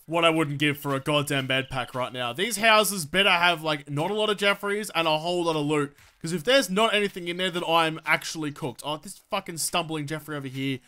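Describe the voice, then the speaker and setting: Man, let's play commentary, high bright voice, constant swearing, exasperated rants. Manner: heavy swearing, exasperated ranting; talks to game enemies. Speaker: gaming video creator.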